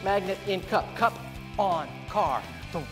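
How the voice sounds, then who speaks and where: Male motivational speaker, high voice, comic and animated, echoey hall with music under him. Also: a little slow. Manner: animated and playful, acting out funny voices. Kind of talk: comedic keynote speech. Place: large event hall on stage.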